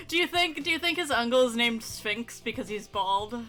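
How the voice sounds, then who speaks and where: Brief: giggly woman streamer, bright tone, casual chat. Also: a little high. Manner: giggly, playful. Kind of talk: casual chat during a game.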